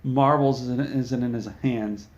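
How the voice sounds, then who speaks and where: Deadpan guy spinning a ridiculous story, mid voice, kinda muffled audio. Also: mid-range voice, a little slow. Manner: deadpan with mock ad plugs. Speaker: comedic storyteller.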